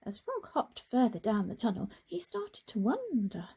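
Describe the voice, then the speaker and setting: A woman reading a picture book aloud to children in a very expressive way, with gasps and hushed whispers. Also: a little high, moderate pace, vocal fry, few pauses, breathy edge. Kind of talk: children's storybook read-aloud.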